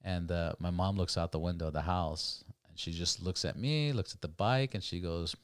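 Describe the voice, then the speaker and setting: Low-voiced man telling rambling stories. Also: moderate pace, dry recording, clean studio sound. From California. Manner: profane, rambling, anecdotal. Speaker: podcast guest. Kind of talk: casual storytelling.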